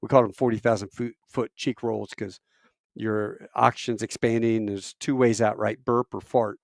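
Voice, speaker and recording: A middle-aged man, a military veteran, telling a long personal story in a casual, animated way, with self-deprecating asides and rambling fillers. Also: moderate pace, creaky, dry recording, clean studio sound. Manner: animated, acts out quoted voices with big pitch jumps.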